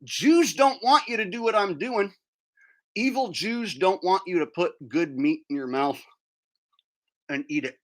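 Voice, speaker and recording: Lively ranting streamer man. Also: sits high, unhurried, pauses often. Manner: combative, crude, ranting; talks while chewing food. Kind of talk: profane livestream rant.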